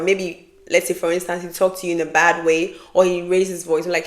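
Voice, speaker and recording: A woman's voice: lowish voice, level tone, a little fast, hardly any pauses. A woman vlogger giving frank relationship advice to her viewers in a casual, emphatic way, often repeating herself for emphasis and laughing. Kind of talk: casual advice talk to camera.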